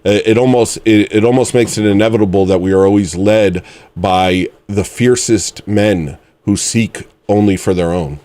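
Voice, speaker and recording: A man's voice: lowish voice, normal speed, warm tone. A man in his forties hosting a casual livestream, musing aloud in a rambling, mock-serious way. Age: 40s. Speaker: livestream host.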